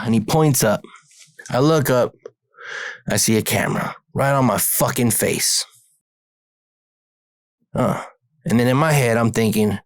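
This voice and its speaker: A man's voice: medium pitch, normal speed, long pauses, no echo, clean studio sound. A man casually telling a profane, streetwise story about a deal that went wrong.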